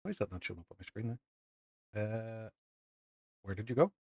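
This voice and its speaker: A Northern Irish man streaming a game live, chatting casually with viewers and thanking them, excitable and self-mocking. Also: on the low side, brisk, slightly rough, no echo, clean studio sound. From Northern Ireland.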